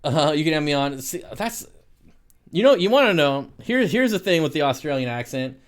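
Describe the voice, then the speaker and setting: A man's voice: on the high side, very animated, moderate pace. A man hosting an aquarium live stream, chatting casually and laughing as he answers viewer comments.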